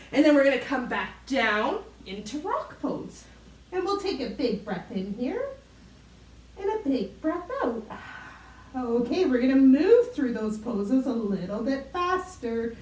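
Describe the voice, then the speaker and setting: A woman's voice: on the high side, a little mellow, recorded from a distance. A woman leading a children's yoga class, playful and encouraging, making animal sounds for the kids. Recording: roomy echo, voice from off mic.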